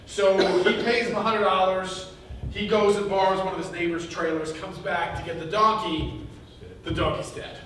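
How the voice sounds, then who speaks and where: A man gives a casual sermon in a high voice, rambling with fillers and restarts. He sits far from the microphone in a very echoey church hall, with a faint hiss of noise behind him. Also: little pitch movement, moderate pace, fairly bright tone. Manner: conversational, rambling with fillers and restarts, chuckles while telling a joke. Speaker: pastor.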